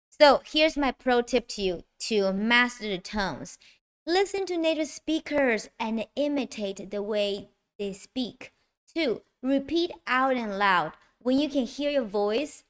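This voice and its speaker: Guiding beginners through a language lesson, this Mandarin-accented woman speaks on the high side with a slightly bright quality, keeping a slow, clear pace and exaggerated tones.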